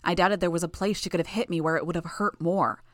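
Female narrator, lower register, dry studio sound, measured tense read. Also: fairly even intonation, fairly bright tone, no echo. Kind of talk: scripted first-person fiction narration.

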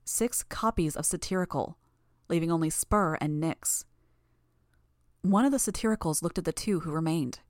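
A woman's voice: on the low side, normal speed, no echo, studio quality. A woman narrating a fan audiobook in the first person, tense and intense. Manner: tense, intense, building anger.

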